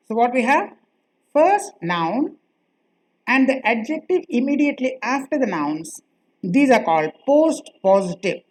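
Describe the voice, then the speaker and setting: A woman teaching a grammar lesson, speaking slowly and repeating key phrases for her students. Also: medium pitch, poor audio. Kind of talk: classroom lecture.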